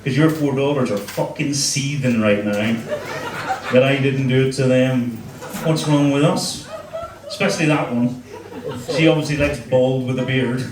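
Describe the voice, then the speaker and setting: Speaking at normal speed in a mid-range voice, this Northern Irish man trades crude banter with the crowd during a stand-up set at a comedy club. The mic sits at a distance in a roomy live space, and the audience's laughter fills the background.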